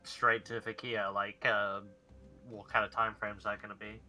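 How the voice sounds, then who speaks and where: Man, tabletop player, chatty and playful, very bright sharp voice. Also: fairly low pitch, little pitch movement, moderate pace, soft background music. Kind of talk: casual tabletop chat.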